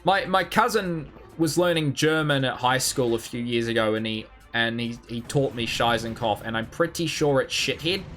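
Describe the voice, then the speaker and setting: A man's voice: medium pitch, normal speed, hardly any pauses, fairly bright tone, faint music behind. A man streaming a video game live, muttering and humming as he plays, swearing freely, mocking himself and rambling as he answers chat. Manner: swears freely, mutters and hums while playing. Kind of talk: live gameplay commentary, reading chat.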